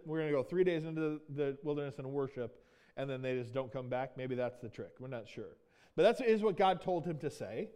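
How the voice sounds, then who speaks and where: A man with a fairly high but darkish voice preaches a sermon as a pastor. He teaches conversationally, frequently asking "right?" and acting out the lines he quotes.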